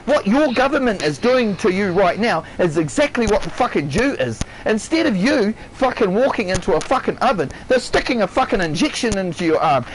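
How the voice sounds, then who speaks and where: A man's voice: high voice, big pitch swings, fairly quick, few pauses, a little hiss or hum, rough recording. A man with a New Zealand accent, ranting on a live game stream, swearing heavily and repeating himself. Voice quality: swears constantly, shouts and drops his voice, repeats himself. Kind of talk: heated rant on a live stream.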